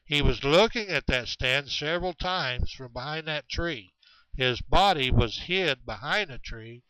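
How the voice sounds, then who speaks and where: A man telling a long story about hunters in the woods, halting often with fillers and restarts. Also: on the high side, expressive, pushed and bright, smooth, no echo. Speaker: storyteller of Bigfoot encounters. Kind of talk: rambling spoken storytelling. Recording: dull, muffled recording.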